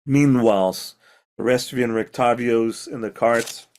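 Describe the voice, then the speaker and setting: A man narrating a tabletop game as game master, slowly, with frequent restarts. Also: medium pitch, level tone. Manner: slow, halting narration with restarts.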